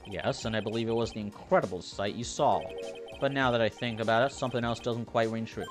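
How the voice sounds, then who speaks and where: Edgeworth: a woman doing a cold, haughty prosecutor. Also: over music. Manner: cold, measured, lowered voice. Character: cool, haughty male prosecutor.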